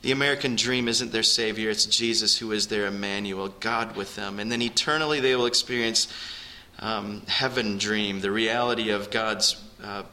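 Bright-toned man preaching a sermon. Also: fairly even intonation, normal speed, rough recording. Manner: earnest, rises in pitch and volume for emphasis, addresses the congregation directly. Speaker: pastor. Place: church.

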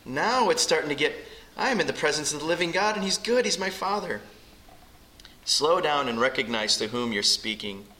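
A man's voice: on the high side, animated, normal speed, bright, forceful tone, echoey room, poor audio. A pastor preaching a sermon to his congregation, earnest and emphatic, acting out prayers as he teaches.

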